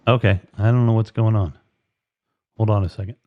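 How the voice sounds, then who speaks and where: A man's voice: lowish voice, fairly even intonation, brisk, dry recording. A man hosting a live stream, chatting casually and rambling with lots of fillers and restarts. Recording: dull lo-fi stream audio.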